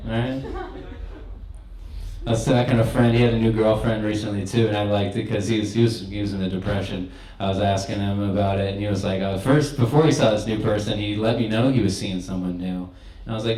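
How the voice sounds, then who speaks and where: A man's voice: on the low side, a little fast, darkish tone. A young man performing a stand-up set in a comedy club, crude and conversational, laughing at his own jokes. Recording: echoey club room.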